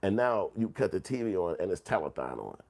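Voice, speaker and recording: A middle-aged man, telling casual, profane, animated stories as a commentary host. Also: deep voice, fairly quick, vocal fry. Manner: animated storytelling, swearing and slang.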